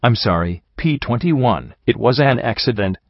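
A man's voice: mid-range voice, lively intonation, moderate pace, dry recording. A man voicing an impulsive adult female pony who mutters and speaks sharply, in a dry, slightly dull recording. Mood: tense.

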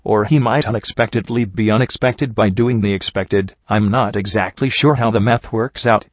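Man voicing brainy young pegasus mare, musing and chatty, low-pitched, dull lo-fi sound. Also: steady tone, normal speed, no echo, close to an everyday voice. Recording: dull lo-fi dry recording.

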